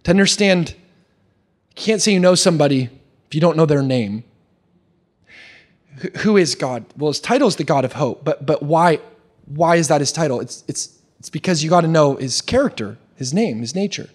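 A young pastor delivers an animated sermon, quickly restarting lines and putting questions to the congregation. His voice sits a little high.

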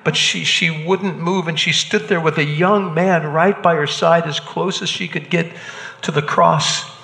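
A man acting a hardened Roman centurion shaken by an execution, talking haltingly and repeating words, in a church drama. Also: a little high, steady tone, gravelly, pushed and bright, in a large hall, heavily acted. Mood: grave, shaken.

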